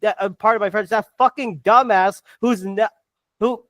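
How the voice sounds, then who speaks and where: A podcast co-host in a full sports rant, voice pitched in the middle of the range and recorded dry and close to the mic. The talk runs hot and fast, with curses and repeated stumbling starts as the thoughts pile up. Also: fairly even intonation, fairly bright tone, no room sound, dull audio. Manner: fast, fired-up, swearing, stammering restarts.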